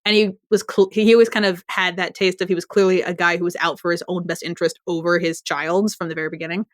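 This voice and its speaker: A woman's voice: on the low side, little pitch movement, quick pace, dry recording, studio quality. A woman co-hosting a podcast in casual chat, rambling and laughing often. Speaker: podcast co-host.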